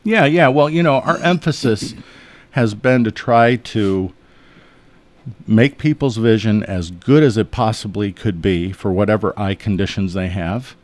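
Folksy low-voiced man telling anecdotes. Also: measured pace, dry recording. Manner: chuckling, folksy, acts out patient voices. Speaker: eye surgeon guest. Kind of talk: relaxed anecdotal storytelling. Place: radio studio.

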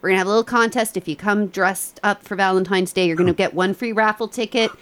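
A woman's voice: mid-range voice, steady tone, fast, fairly bright tone. A woman guest on a radio show, upbeat and promotional, listing the details of a fundraiser. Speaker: guest from a library group. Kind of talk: announcing an event on radio.

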